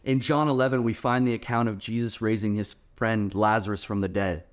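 A male pastor delivers a sermon in a fairly low voice. His preaching is earnest and emphatic, pressing each point home. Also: fairly even intonation, brisk.

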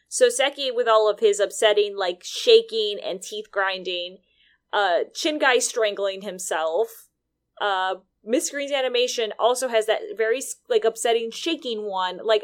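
A woman co-hosting a casual podcast, making dry, wry complaints about a video game and laughing easily. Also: mid-range voice. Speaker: podcast co-host. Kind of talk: casual game-review chat.

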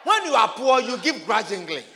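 Man preaching, very high voice, bright and forceful, shouting and repeating himself, long hall reverb. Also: sing-song, moderate pace, gravelly, a faint crowd. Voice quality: emphatic, often shouting and repeating phrases. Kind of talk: sermon.

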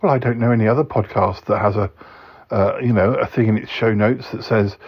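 A man's voice: on the low side, fairly even intonation, a little fast, slightly rough. A man hosting a comic podcast skit, fretful and easily worried. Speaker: podcast host. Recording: dull lo-fi recording.

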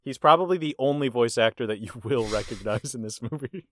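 A man hosting a casual movie quiz. He reads the answer options deliberately and teases his guest. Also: medium pitch, lively intonation, fairly bright tone. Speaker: quiz host. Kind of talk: casual podcast chat.

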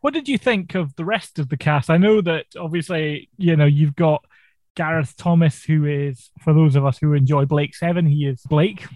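A man co-hosting a podcast, asking questions in a measured, inquisitive way. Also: a little high, darkish tone, no room sound. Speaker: podcast co-host. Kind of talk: casual chat.

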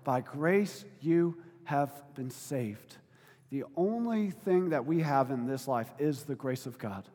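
A man with a high voice delivers a sermon in a big church hall, where a long reverb trails after his words. He preaches in a conversational, informal way, moving between quiet reflection and loud, emphatic appeals. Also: husky. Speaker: pastor.

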